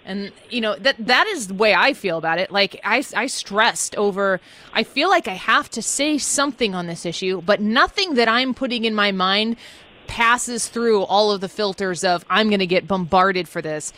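A woman speaks in a candid, searching way, as a host in a talk discussion. Her voice is bright and forward. It sits at a middle pitch. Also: lively intonation, moderate pace.

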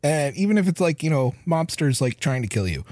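A man's voice: on the high side, big pitch swings, brisk, a little mellow, no room sound, studio quality. A man co-hosting a podcast, riffing playfully in casual chat. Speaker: podcast co-host.

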